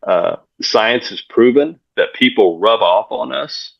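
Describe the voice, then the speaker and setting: A man, a pastor and coach, guesting on an interview show and telling stories in an energetic way, often repeating words as he goes. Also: on the low side, takes it slowly, gravelly. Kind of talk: casual interview storytelling. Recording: dull lo-fi sound.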